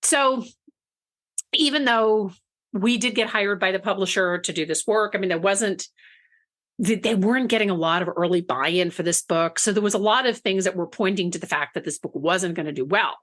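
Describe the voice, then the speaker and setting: A woman telling an anecdote in casual podcast talk, chatty and animated, often laughing between phrases. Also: medium pitch, normal speed. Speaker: book marketing guest.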